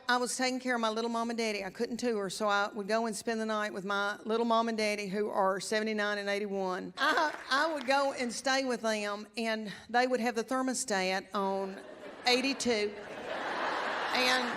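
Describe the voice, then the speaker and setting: Lady doing stand-up, kinda high voice, folksy rambling stories on stage. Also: noisy background. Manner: folksy, chatty storytelling. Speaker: stand-up comedian. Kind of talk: stand-up comedy routine. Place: comedy stage before a live audience.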